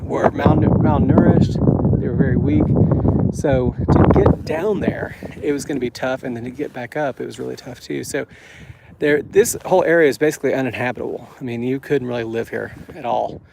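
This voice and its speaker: A man's voice: medium pitch, a little fast, creaky. Winded man giving a walking tour. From Florida. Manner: chatty, rambling, many fillers and restarts. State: out of breath, walking uphill. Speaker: travel vlogger and guide. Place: outdoors on a cold hillside. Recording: noisy outdoor camera audio.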